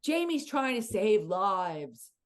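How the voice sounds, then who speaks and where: A woman co-hosting a casual recap chat, chatty and quick to laugh and agree. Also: medium pitch, sing-song. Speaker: podcast co-host.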